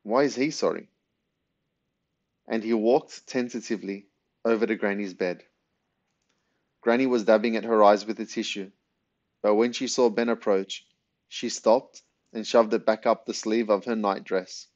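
Low-voiced man reading a storybook. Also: steady tone, moderate pace, darkish tone. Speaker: narrator. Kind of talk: audiobook reading of a children's novel. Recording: dull lo-fi recording.

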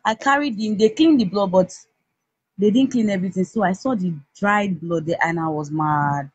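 Husky Nigerian woman telling a heated story. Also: medium pitch, moderate pace, darkish tone, no room sound. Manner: heated, emotional retelling with many restarts. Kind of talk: personal storytelling. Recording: dull lo-fi recording.

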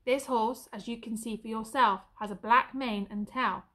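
A woman's voice: on the high side, fairly even intonation, moderate pace, bright, forceful tone. A woman reading aloud as a young male soldier friend, patient and insistent.

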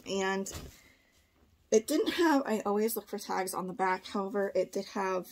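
A woman's voice: mid-range voice, normal speed, a little mellow. A young pregnant woman, chatting casually while she shows her thrift finds. She thinks aloud with frequent fillers and is a little short of breath, seated in a room at home before a camera. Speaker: part-time online reseller. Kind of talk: casual thrift haul vlog.

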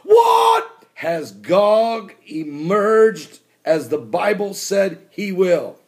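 A man hosting a prophecy commentary show, preaching with emphasis and bursting into shouts. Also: high-pitched, lively intonation, drawn-out words.

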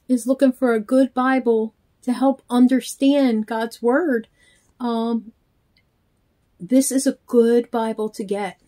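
A middle-aged woman with a slightly high voice chats slowly in a heartfelt vlog. She gushes thanks to a friend as she opens her mail. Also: steady tone, warm tone. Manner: slow, heartfelt, gushing with thanks. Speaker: reborn doll vlogger. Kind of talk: casual chat, unboxing.

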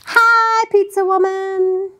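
A woman voicing a hungry, excited little girl who squeals animal sounds in a storybook reading. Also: very high-pitched, slow, noisy background, pitched above the performer's own voice.

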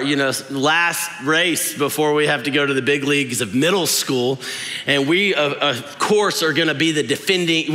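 Animated pastor preaching in a big hall. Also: male voice, on the high side. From West Texas. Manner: self-mocking, animated, jokes with the congregation. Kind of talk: sermon with humorous storytelling. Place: large church auditorium. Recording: long hall reverb in a large church.

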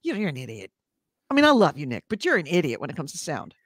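A woman co-hosting a casual podcast chat, talking in an animated, mock-outraged way. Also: low voice, fast talker, no echo, clean studio sound. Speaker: podcast co-host.

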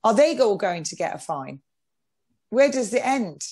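Exasperated woman, animated and sarcastic. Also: medium pitch, measured pace, breathy edge. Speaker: interview guest. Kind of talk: political interview.

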